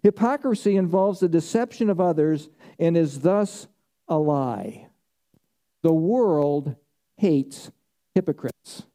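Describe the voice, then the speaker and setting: A man's voice: fairly high pitch, mellow. A man preaching a sermon in an emphatic style, often repeating his key phrases for weight. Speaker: pastor.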